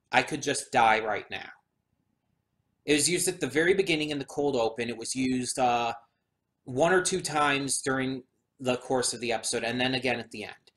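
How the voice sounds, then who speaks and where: A man in the middle of his range talks straight to his viewers, rambling and thinking out loud as he goes. He sounds slightly drowsy and yawns between thoughts. The delivery is relaxed and conversational, never scripted. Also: medium pitch, normal speed. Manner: chatty and meandering, thinking aloud. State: yawning, a bit drowsy. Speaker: anime reaction host. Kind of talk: casual spoken commentary for a video audience.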